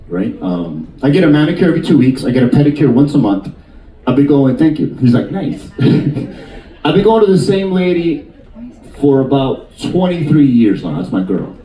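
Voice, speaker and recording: A male stand-up comedian from Queens doing crowd work and animated storytelling on a cruise ship stage. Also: medium pitch, slight background noise. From Queens, New York. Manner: animated storyteller, quick shifts into character voices. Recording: echoey room, mic at a distance.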